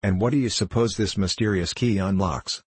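A man with a low, husky voice reading the lines of an earnest, prim young farm girl in an audiobook story. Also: moderate pace, darkish tone, dry recording.

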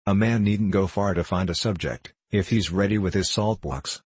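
A pompous, self-satisfied older uncle who pronounces every platitude as if it were wisdom, as a man reading a storybook puts him on. The voice sits low and a little husky, in a dry, close reading. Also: moderate pace, darkish tone, no echo. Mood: pontificating.

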